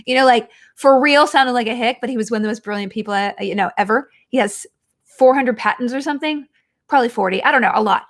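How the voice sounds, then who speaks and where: A woman in her forties hosts a podcast, telling rambling, self-mocking stories in casual chat. Her voice sits on the high side and moves at a quick pace.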